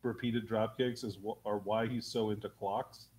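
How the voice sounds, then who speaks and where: A man in a casual podcast chat who adds quiet, wry interjections. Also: lowish voice, little pitch movement, moderate pace, a little hiss or hum.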